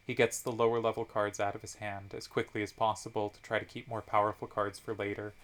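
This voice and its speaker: A man's voice: mid-range voice, fairly bright tone. A man commentating a card game tournament, analyzing each move step by step with frequent ums.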